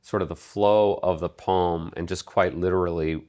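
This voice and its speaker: A man co-hosting a podcast, speaking in a measured, halting way about poetry and pausing often to find his words. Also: low-pitched, fairly even intonation, a little mellow. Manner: measured, halting, with many pauses and fillers. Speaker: podcast co-host. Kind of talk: casual literary discussion.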